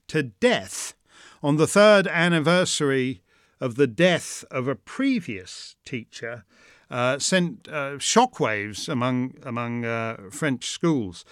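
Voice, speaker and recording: Male host for live Q&A commentary: indignant, sardonic, emphatic, with a smooth, fairly high voice. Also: no room sound, clean studio sound. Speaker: host of a listener Q&A show. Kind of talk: live call-in commentary, reading listener questions.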